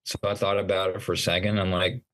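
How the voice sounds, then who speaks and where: A middle-aged man speaks with a fairly low voice as an interview guest. He tells his personal story earnestly, stopping and restarting his sentences and acting out the dialogue. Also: flat delivery, quick pace, a bit bright. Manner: earnest, retelling events with acted-out dialogue and frequent restarts. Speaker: podcast guest, motivational speaker.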